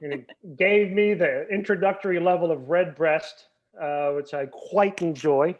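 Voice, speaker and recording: A man's voice: a little high, a little slow, dull audio. Self-deprecating man on a call. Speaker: podcast guest. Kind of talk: casual chat, anecdotes. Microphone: video call.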